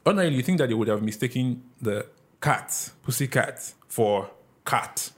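A man's voice: mid-range voice, lively intonation, fairly quick. A man from Nigeria co-hosting a casual podcast chat. He makes his points with energy and often repeats words as he starts them. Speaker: podcast co-host.

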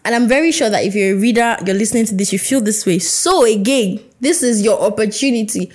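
A woman's voice: medium pitch, brisk, a little mellow. Chatty woman podcast host. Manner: chatty, playful, acts out little dialogues. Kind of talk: casual solo podcast chat.

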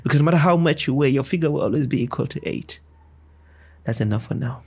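A man's voice: mid-range voice, quick pace, darkish tone, slight background noise. A man, a podcast guest, performing spoken-word poetry with a rhythmic, playful delivery full of wordplay.

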